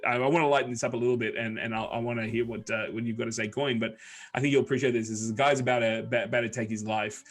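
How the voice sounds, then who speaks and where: A man's voice: medium pitch, racing. Rambling male livestream co-host. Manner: rambling, many restarts, animated when telling jokes. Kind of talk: casual chat, telling a joke.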